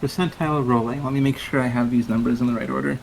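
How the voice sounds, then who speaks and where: A man at a tabletop game, talking at an ordinary pitch and working through his rolls out loud. A faint hum of noise sits behind him. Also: steady tone, quick pace, vocal fry, poor audio. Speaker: player. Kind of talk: casual tabletop role-play.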